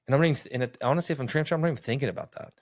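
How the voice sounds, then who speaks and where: A middle-aged man telling a personal story in casual conversation, earnest and animated, acting out what people said. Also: mid-range voice, very fast, no echo, clean studio sound. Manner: earnest, animated, acts out quotes.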